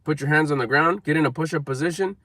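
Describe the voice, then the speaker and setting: A man's voice: fairly high pitch, fast, sharp tone, no room sound, clean studio sound. A man giving an emphatic, repetitive motivational talk to camera, coaching viewers. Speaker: motivational speaker.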